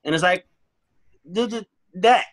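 A man's voice: high-pitched, measured pace, fairly bright tone. A man talking earnestly and emphatically in a casual chat, repeating his points. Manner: earnest, emphatic, repeats phrases, acts out both sides of arguments.

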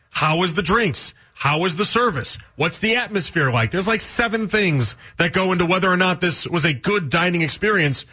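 Chatty radio host with a husky voice. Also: male voice, fairly high pitch, pushed and bright. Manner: rambling, folksy analogies, chatty with callers. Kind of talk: casual sports talk radio. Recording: dull lo-fi radio broadcast sound.

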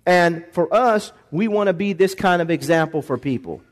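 A man preaching a sermon in a church, calling for responses from the congregation and swinging between quiet, slow lines and shouted bursts. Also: sits high. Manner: call-and-response preaching, shifts from soft to shouted. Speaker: pastor. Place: church sanctuary. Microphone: handheld or stand microphone.

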